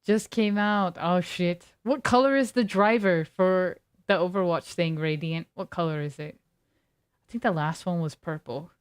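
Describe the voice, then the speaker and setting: A woman's voice: on the low side, normal speed, smooth. A woman streamer chatting casually with her viewers, reading chat aloud and riffing on it in a laid-back way.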